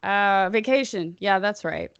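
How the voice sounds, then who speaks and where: A woman's voice: mid-range voice, a little slow, clean tone, no echo, dull audio. Dry-voiced woman co-hosting a chat podcast. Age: young adult. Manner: rambling, playfully sarcastic. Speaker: podcast co-host. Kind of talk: casual chat.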